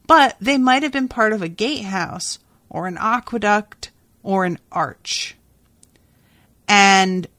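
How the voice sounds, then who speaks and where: Lady podcaster going over a book, slow and low-ish, dry close sound, lots of likes and ums. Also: fairly bright tone, dry recording. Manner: chatty, with frequent "like" and "um" and hummed pauses; reads passages from the book aloud. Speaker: podcast host. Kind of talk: casual book recap podcast.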